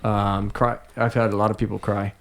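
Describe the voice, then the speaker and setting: A man, a magician guest on a podcast, telling stories in a playful, animated way. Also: lowish voice. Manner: animated storyteller, playful, quick to laugh. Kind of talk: casual podcast chat.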